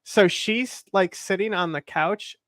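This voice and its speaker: A man's voice: sits high, slow, a bit bright, no echo, studio quality. A man co-hosting a live stream, chatting casually and retelling events in detail. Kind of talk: casual reaction commentary.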